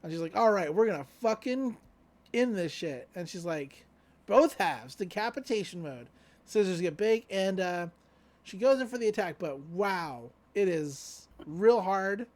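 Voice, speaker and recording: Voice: medium pitch, lively intonation, unhurried, darkish tone. A podcast co-host casually retelling an anime episode, laid-back and loose with lots of fillers and offhand paraphrased quotes. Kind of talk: casual recap chat.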